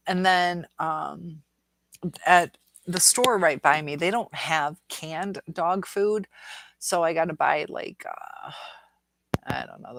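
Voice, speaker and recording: Chatting with viewers on a relaxed home livestream, this Detroit-area host reads their comments aloud, rambles chattily, leans on lots of fillers, and coos at her dog. She speaks in a low-pitched voice with vocal fry and a fairly bright tone, recorded through a phone or webcam.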